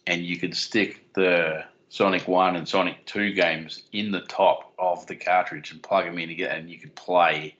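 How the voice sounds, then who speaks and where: A man's voice: sits low, fairly even intonation, unhurried, hardly any pauses, fairly bright tone, lo-fi sound. A man co-hosting a podcast, chatting casually and rambling a little. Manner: rambling, giggly, self-deprecating. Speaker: podcast co-host. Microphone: desk mic on a stand.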